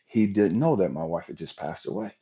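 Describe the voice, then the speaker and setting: A man's voice: sits low, expressive, brisk, warm tone, slightly rough, highs cut off. A man hosting a livestream, telling an emotional personal testimony in a raw, profane storytelling manner. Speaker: livestream host.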